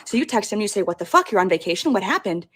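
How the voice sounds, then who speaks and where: Fast-talking woman telling a story. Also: medium pitch, very animated, fairly bright tone, breathy edge. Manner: rapid, breathless storytelling. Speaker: storyteller in a played clip.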